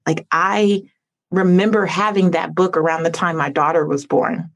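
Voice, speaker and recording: A woman with a somewhat low voice hosts an interview over a video call. She talks in a gushing, sincere way and leans on "like" as she goes. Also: steady tone, moderate pace. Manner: effusive, heartfelt, peppered with "like". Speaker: podcast host. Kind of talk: conversational interview.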